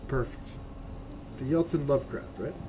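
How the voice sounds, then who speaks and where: With a noisy background and game music playing, a man with a mid-range voice talks at a moderate pace while streaming a game. His commentary is casual, talkative, and profane, his lines frequently capped with "right?".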